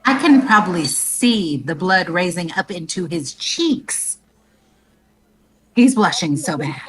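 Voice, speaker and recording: A woman's voice: on the low side, big pitch swings, slow, rough recording. A woman playing a tabletop game in a teasing, playful way. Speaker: player. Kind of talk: casual tabletop game play.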